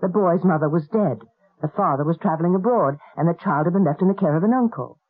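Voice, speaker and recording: A voice actor playing a calm, matter-of-fact household figure in a 1970s radio drama. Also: male voice, high-pitched, quick pace, husky. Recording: tinny lo-fi old radio broadcast.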